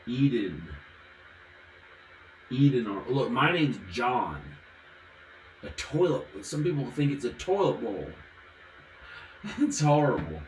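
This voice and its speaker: A man's voice: mid-range voice, sing-song, slow, long pauses, roomy sound, a little hiss or hum, poor audio. A man from the American South, vlogging casually while drinking, rambling and giggling from one topic to the next.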